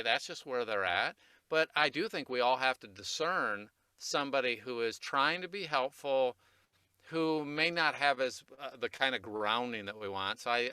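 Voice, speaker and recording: Casting note: man, voice coach, bright and crisp, loose rambling talker who laughs at himself, dry close mic. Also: mid-range voice, no echo. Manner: rambling, self-deprecating, quick to laugh. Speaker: voice recording coach, guest. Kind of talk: casual podcast conversation.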